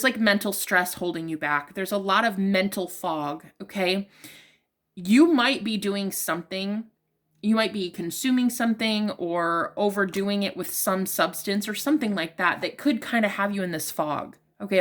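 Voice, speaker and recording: A woman's voice: medium pitch, a bit bright. A woman giving a casual tarot reading to her viewers, talking straight to them in a chatty, emotionally open way with plenty of fillers. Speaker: tarot reader.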